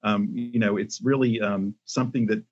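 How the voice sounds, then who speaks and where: An older man, a company CEO, speaking as a podcast guest in a measured way with many pauses and restarts. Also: fairly low pitch, fairly even intonation, a little mellow. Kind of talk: casual interview talk. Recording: muffled lo-fi audio.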